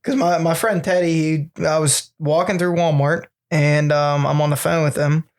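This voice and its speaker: A man's voice: fairly high pitch, fairly even intonation, moderate pace. Rambling young man, easygoing chat. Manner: rambling, many fillers and laughs. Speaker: podcast co-host. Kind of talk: casual storytelling chat.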